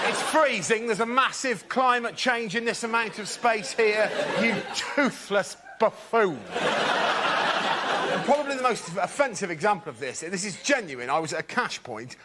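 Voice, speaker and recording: A man's voice: sits high, animated, fairly quick, hardly any pauses, a loud crowd. A man doing a stand-up routine on a comedy panel show, telling his stories with mock indignation. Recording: audience laughter and noisy stage.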